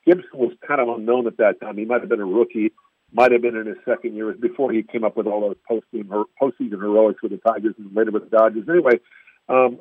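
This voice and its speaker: A man's voice: medium pitch, breathy edge, no room sound. A man, a sports radio reporter, telling stories in casual chat and acting out quotes in raised voices. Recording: tinny phone-line sound, dry.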